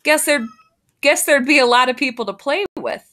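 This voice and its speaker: A curious, friendly country boy, eager and full of questions, as a woman reading a storybook puts him on. His lines lift bright and quick in her slightly high voice.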